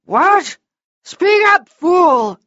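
A woman voicing a furious, hissing male villain lord who snarls and shouts his orders. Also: high-pitched, expressive, very slow, no echo, pitched above the performer's own voice, full character voice. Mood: furious shouting. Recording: dull lo-fi recording.

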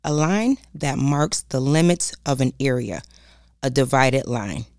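A self-help speaker gives a preachy, emphatic motivational talk on boundaries, repeating key points and calling her listeners "y'all." Her rumbling low voice is animated, a little mellow and measured, recorded in a clean studio with no echo.

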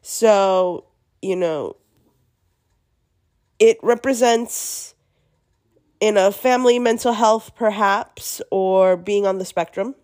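A woman hosting a podcast alone, chatty with many fillers, her voice gravelly from being sick. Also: mid-range voice, slow, pauses often, a little mellow. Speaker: podcast host. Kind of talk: podcast monologue.

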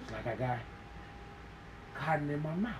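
A man's voice: animated, moderate pace, noisy background, close to an everyday voice. A man putting on the voice of a brooding TV drama character, mumbling as if his mouth were full of cotton. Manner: muffled, mumbled, low.

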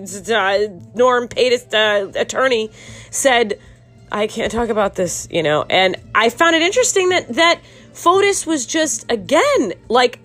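A woman's voice: medium pitch, a bit bright. A woman hosting a podcast, giving casual, sarcastic true-crime commentary that rambles with restarts and breaks into laughter. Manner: laughs often while talking. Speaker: podcast host.

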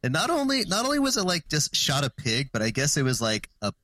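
A man's voice: on the high side, fast, no room sound, low-quality recording. A man co-hosting a podcast, casually retelling a history story and acting out the people in it. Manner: animated storyteller who acts out quoted characters. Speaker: podcast co-host.

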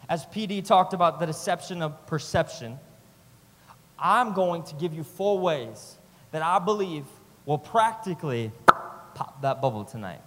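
A man preaching a sermon with passion, swinging between loud urging and quiet, close moments, using repetitive rhythmic phrasing. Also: a little high, animated, a little slow. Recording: long hall reverb.

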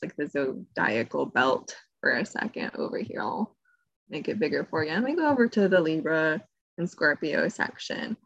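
A fairly low-pitched woman co-hosts a podcast, explaining things in casual, chatty talk, laughing easily and drifting into tangents. Her voice is creaky with a fairly bright tone. It's recorded close and dry, with almost no room sound and no echo.

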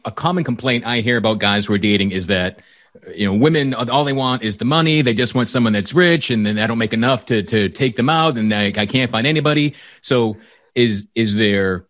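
A male podcast host puts questions to his guest. His voice sits at a middle pitch, and he stops and restarts his phrasing as he works out what to ask. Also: a bit bright. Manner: halting, restarts mid-question. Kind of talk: interview questions.

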